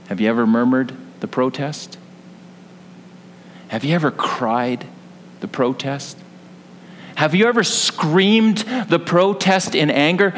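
A man's voice: medium pitch, lively intonation, measured pace, in a large hall, slight background noise. A man preaching a sermon as pastor, earnest and building to passionate emphasis.

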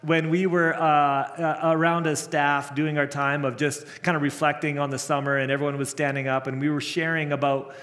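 A man's voice: on the high side, level tone, normal speed, hardly any pauses, fairly bright tone. A middle-aged man, a camp director, preaching with earnest storytelling and frequent restarts. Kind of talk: sermon. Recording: long hall reverb.

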